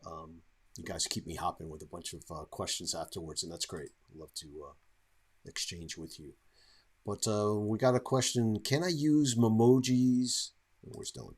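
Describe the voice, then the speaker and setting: A man's voice: low voice, moderate pace, slightly rough. A man hosting a live webinar and reading out viewer questions, with a hesitant delivery full of fillers. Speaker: webinar host. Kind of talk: moderating live Q&A.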